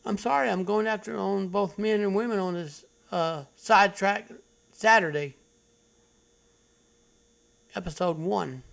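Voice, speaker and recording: Blunt, preachy man with a gravelly voice. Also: high voice, measured pace, long pauses, a bit bright. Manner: blunt, preachy, emphatic lecturing. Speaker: channel host. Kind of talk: commentary on read-aloud online stories.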